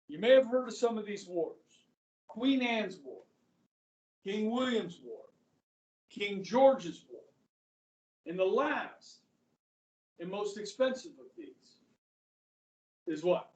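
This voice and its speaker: A middle-aged man teaching a high school history class, chatty, quizzing students and saying "okay" often. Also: expressive, takes it slowly, pauses often, a little mellow. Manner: conversational, asks the class questions, frequent "okay". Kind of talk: classroom lecture. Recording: echoey room, voice from far off.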